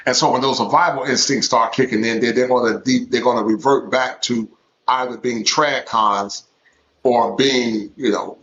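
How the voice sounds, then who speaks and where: A man's voice: medium pitch, a bit bright, a little hiss or hum. Emphatic man on lo-fi stream audio. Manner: emphatic, repeats words and phrases. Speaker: guest. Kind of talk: casual live-stream chat.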